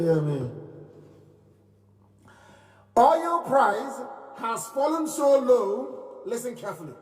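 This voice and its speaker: A man's voice: sits high, roomy sound, in a large hall, far from the mic. Impassioned man preaching with sweeping swings. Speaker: movement leader giving a live broadcast. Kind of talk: impassioned live speech.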